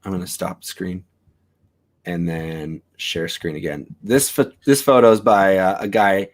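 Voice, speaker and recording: A man with a lowish voice chatting casually about photos and cameras over a video call. He rambles in a relaxed way, full of "um" and restarts, like a friendly shop regular talking shop.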